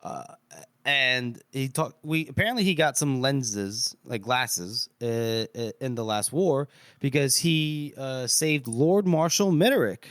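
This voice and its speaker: A man co-hosting a book podcast, recapping the story in a hesitant way with many pauses and "uh"s. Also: mid-range voice, lively intonation, fairly bright tone, dry recording. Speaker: podcast co-host. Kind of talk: casual book discussion.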